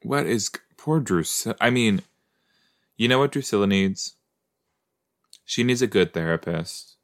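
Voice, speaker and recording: Unhurried and on the low side, this male voice has lively intonation. He's a podcast host reacting to a TV episode in a casual watch-along, chatty and given to exclaiming at the screen, talking back to characters and musing playfully.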